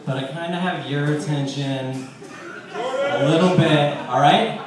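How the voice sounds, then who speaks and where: A high-voiced man rambles through a profane stand-up set from a bar stage, mocking himself as he goes. He is caught from across a very echoey room, and his voice sounds distant. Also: steady tone, a little slow, over a noisy crowd. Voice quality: rambling, profane, self-deprecating. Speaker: stand-up comic. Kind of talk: stand-up set at an open mic. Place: bar stage before a live audience. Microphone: handheld stage microphone, caught by a distant camera.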